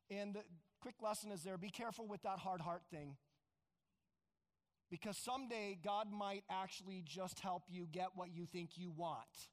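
High-voiced preacher man in a reverberant hall. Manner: animated, acts out quoted voices with bursts of shouting. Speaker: pastor. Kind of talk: sermon.

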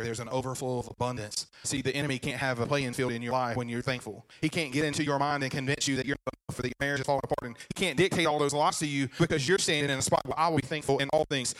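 A man, preaching a sermon at a brisk pace. He is animated, asking the congregation questions and throwing in playful asides. His voice sits at a middle pitch for a man. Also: rough recording. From Virginia. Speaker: pastor.

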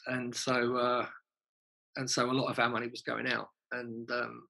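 Musician guest, gravelly husky voice, chatty storyteller with lots of swearing. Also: male voice, mid-range voice, monotone, normal speed, bright, forceful tone, poor audio. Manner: chatty, laughing, swears freely. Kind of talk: casual anecdotal storytelling.

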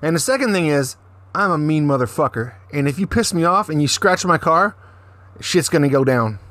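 Profane, animated man telling stories. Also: fairly high pitch, normal speed, dry recording. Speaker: podcast co-host. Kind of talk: casual chat.

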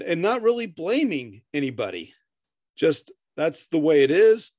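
A man's voice: a little high, a little mellow, dry recording, clean studio sound. A middle-aged man co-hosting a podcast in casual chat, rambling, swearing freely, laughing often and stammering through restarts. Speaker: podcast co-host.

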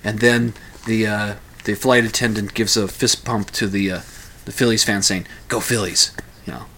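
A man's voice: on the low side, fairly even intonation, moderate pace, fairly bright tone, slight background noise. A man talking casually at home, telling a story in a rambling, hesitant way with many restarts. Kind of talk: casual spoken commentary.

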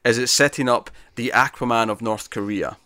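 A man's voice: medium pitch, steady tone, normal speed, bright, forceful tone, no room sound. A man co-hosting a casual podcast chat, rambling through a story with many fillers and restarts. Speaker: podcast co-host reviewing comics.

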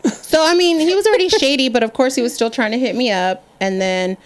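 A woman's voice: fairly high pitch, a little fast, crowd noise. A woman co-hosting a casual podcast chat, telling a story candidly with plenty of swearing and laughter. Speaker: podcast co-host.

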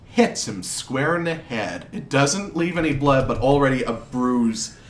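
A man's voice: mid-range voice, lively intonation, unhurried. A man narrating a tabletop game as game master, telling the scene with vivid expression. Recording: roomy echo.

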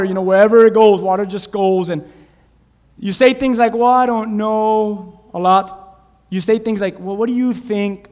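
High-voiced pastor preaching in a big hall. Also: male voice. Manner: animated storytelling, swings from loud to hushed. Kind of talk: sermon. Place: church sanctuary. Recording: long reverb of a large hall.

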